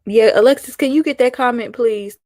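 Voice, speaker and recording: A woman's voice: fairly high pitch, a little fast, darkish tone, dry recording, clean studio sound. A woman, hosting a casual live-stream reality-show commentary and chatting with viewers. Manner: chatty, reacts to viewer comments, mimics people mockingly. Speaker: host.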